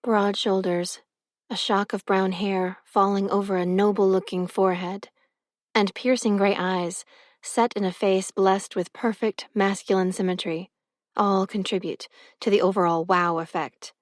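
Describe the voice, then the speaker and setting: A woman reading a first-person novel as an audiobook narrator, expressive and close to the mic. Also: mid-range voice, unhurried, no room sound.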